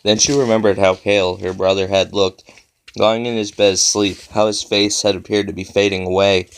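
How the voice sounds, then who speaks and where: A man narrating a children's horror story with steady storytelling. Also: fairly low pitch, moderate pace, clean tone. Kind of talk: reading a horror story aloud.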